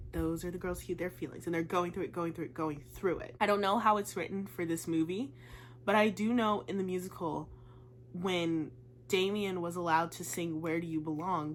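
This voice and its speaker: This young vlogger's voice is on the low side but a bit bright, and she gushes chattily about a musical, using "like" all the time. Slight background noise can be heard.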